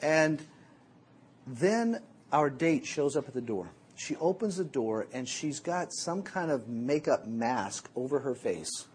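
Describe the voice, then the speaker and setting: A middle-aged man preaching a sermon as a Bible teacher, telling jokey, animated stories. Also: medium pitch, takes it slowly, a little hiss or hum.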